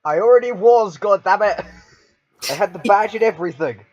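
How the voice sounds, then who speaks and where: A man playing in a casual tabletop game, answering with wry, quick retorts. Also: high voice, a little mellow. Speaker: player.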